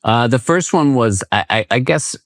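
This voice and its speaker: A man's voice: medium pitch, expressive, moderate pace, dry recording. A man from the American South, a podcast guest, rambling with dry sarcastic humor in casual chat.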